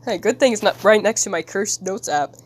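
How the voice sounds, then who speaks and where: A woman's voice: mid-range voice, expressive, a little fast, dry recording. A woman streamer chatting casually with her viewers while she draws, giggling and rambling in a silly way. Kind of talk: casual live-stream chat while drawing.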